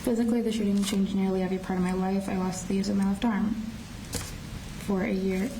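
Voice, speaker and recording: A teenage girl reading her prepared statement in a courtroom, quiet and subdued, often stopping to restart phrases. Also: mid-range voice, flat delivery, fast. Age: teens. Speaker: shooting survivor giving a victim impact statement. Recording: distant courtroom audio with faint noise.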